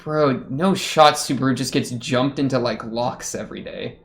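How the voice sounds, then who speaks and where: A man's voice: mid-range voice, normal speed, creaky, a bit bright. Chatty young man reacting to anime. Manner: chatty, laughs often, rambling asides. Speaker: reaction streamer. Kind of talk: casual anime reaction commentary.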